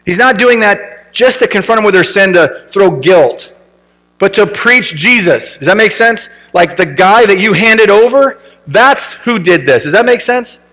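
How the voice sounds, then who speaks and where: Pastor preaching in a reverberant hall. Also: male voice, sits high, expressive, measured pace, bright, forceful tone. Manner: conversational preaching with frequent rhetorical questions. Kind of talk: sermon. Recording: long reverb from a large room.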